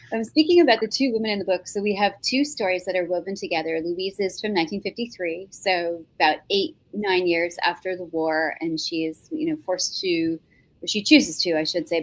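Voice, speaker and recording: A woman with a New York accent hosting an interview in a chatty, joking, expressive way. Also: on the low side. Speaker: interviewer and show host. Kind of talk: casual conversational interview.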